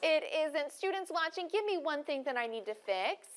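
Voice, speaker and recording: High-voiced teacher coaxing a class. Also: female voice, animated, normal speed, slight background noise. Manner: encouraging, questioning students by name. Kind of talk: classroom phonics lesson.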